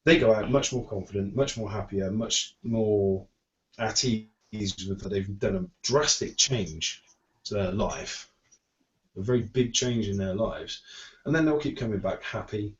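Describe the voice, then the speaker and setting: A man's voice: lowish voice, measured pace. Chatty man, dull lo-fi sound. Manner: chatty, rambling, bursts of laughter. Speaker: show co-host and vape shop worker. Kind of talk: casual chat.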